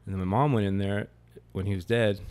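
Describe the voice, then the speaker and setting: A man's voice: on the low side, steady tone, fairly quick, darkish tone, clean tone. A man speaking as a podcast guest, telling a candid story about grief in a blunt, plainspoken way.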